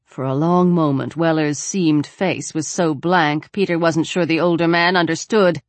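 Low-voiced woman reading a novel. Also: steady tone, unhurried, no echo. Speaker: audiobook narrator. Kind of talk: scripted narration.

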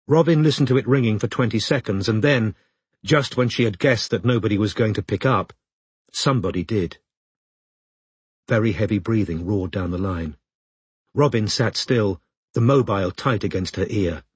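A man reading a novel aloud as audiobook narrator, in steady, even storytelling. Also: fairly low pitch, moderate pace, slightly rough, no room sound. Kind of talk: scripted narration.

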